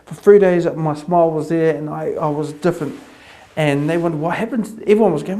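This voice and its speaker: Man, new zealand accent, fairly high voice, earnest testimony, repetitive storytelling. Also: a little fast. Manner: earnest, repetitive, builds into excited retelling. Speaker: convert sharing his testimony.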